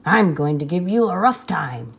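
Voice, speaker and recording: A woman voicing a large, unkind male rhinoceros with a low growling storybook voice. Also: lively intonation, moderate pace, creaky, slight background noise. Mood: gruff mocking. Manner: low growling, later helpless laughter. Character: gruff mocking male rhinoceros, big.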